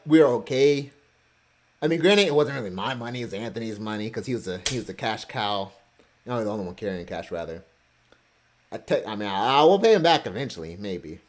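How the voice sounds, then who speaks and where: A man's voice: mid-range voice, darkish tone. A man casually talking through his vacation photos, rambling with offhand, self-joking asides. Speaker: vlogger going through his cruise photos.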